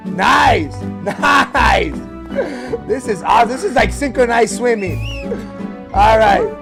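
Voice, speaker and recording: A man hosting a reaction video, commenting excitedly and casually, often restarting his sentences. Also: high-pitched, slow pace, gravelly, pauses often, music in the background. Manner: excitable, lots of fillers and restarts.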